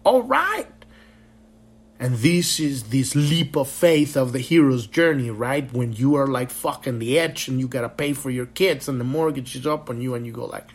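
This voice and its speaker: A man's voice: medium pitch, lively intonation, moderate pace, slightly rough. A man hosting a spiritual podcast, talking in a passionate, rambling monologue full of swearing. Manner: profane, impassioned and rambling. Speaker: podcast host.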